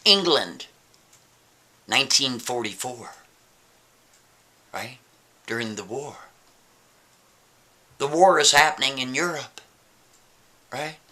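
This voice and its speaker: Bright-voiced man telling a story. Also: on the high side. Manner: animated, keeps asking "right?" and rhetorical questions. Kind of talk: casual spoken storytelling.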